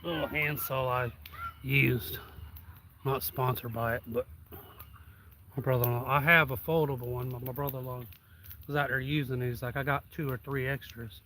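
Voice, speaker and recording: A man's voice: mid-range voice, moderate pace. Man, outdoor vlogger, easygoing rambling campfire chat, slightly breathless, faint outdoor noise, camera several feet off. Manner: relaxed, rambling, a little breathless. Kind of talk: casual live-stream chat. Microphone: camera about seven feet away.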